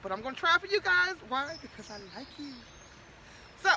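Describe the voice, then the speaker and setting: A woman's voice: high-pitched, expressive, brisk, heavy background noise. A middle-aged woman vlogging outdoors to her viewers, chatty and playful, getting out of breath. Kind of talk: casual vlog to viewers.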